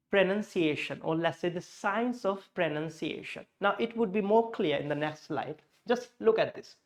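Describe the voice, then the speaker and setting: Man with an Indian English accent teaching pronunciation, explanatory, repeats words to show stress. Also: sits high. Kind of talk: slide-based lesson.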